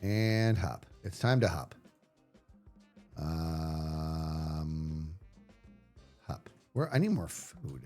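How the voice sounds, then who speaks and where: A man livestreaming a game, talking casually to his viewers in a lively voice that swings widely in pitch. He chats on loosely and yells playfully at enemies on screen, with soft music running underneath. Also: slow, pauses often. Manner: chatty and animated, yelling playfully at enemies. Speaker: video game streamer. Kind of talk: casual live gameplay commentary.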